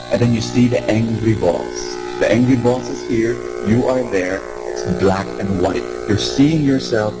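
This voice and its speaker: A man giving an animated inspirational talk to a live audience, prompting the crowd to respond. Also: mid-range voice, rough recording. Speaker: preacher.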